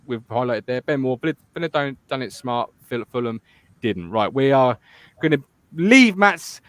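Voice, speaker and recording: A man's voice: mid-range voice, animated, moderate pace, no room sound. Man hosting, dry close sound. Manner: chatty and joking, laughs often. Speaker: podcast host. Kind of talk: casual football podcast chat.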